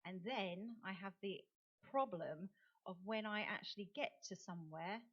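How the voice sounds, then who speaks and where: A middle-aged English woman talks to a forum audience in a loose, self-deprecating way, circling back through fillers and false starts. Her pitch sits in an ordinary middle range. The recording is dull and somewhat lo-fi. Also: normal speed, a bit bright. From England. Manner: self-deprecating, chatty, with many fillers and restarts. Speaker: autism campaigner and speaker. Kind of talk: conversational talk at a forum. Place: lecture hall.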